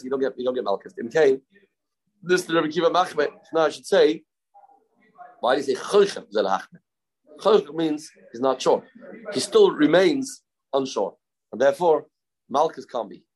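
A man's voice: a little high, animated, moderate pace, long pauses, slightly rough. Man thinking aloud through a Talmud class. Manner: thinking aloud, repeating phrases, mixing Hebrew terms into English. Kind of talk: informal Talmud lesson.

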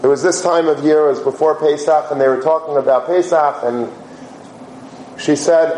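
A man giving an animated sermon-style talk to students, telling stories, asking rhetorical questions and mixing in Yiddish and Hebrew words. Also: a little high, moderate pace. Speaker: yeshiva teacher giving a talk. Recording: roomy echo, faint background hum.

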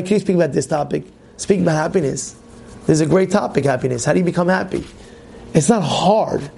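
A man, a rabbi, giving an animated sermon on the weekly portion, asking rhetorical questions and acting out voices of complaining people. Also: vocal fry. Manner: animated storytelling, acts out complaining voices in loud high shouts; repetitive, rhetorical questions to the listeners.

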